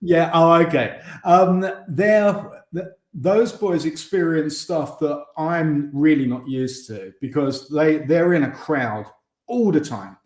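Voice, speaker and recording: Speaking slowly in a slightly high, somewhat mellow voice, an English ex-racing driver chats as a guest over video call. The casual interview sounds reverberant, and he frequently starts his sentences over.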